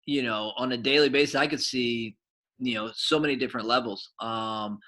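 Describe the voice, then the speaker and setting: A middle-aged man, a soccer coach and former goalkeeper, telling stories to kids in a rambling, animated way with lots of fillers. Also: medium pitch, moderate pace. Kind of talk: casual storytelling to kids.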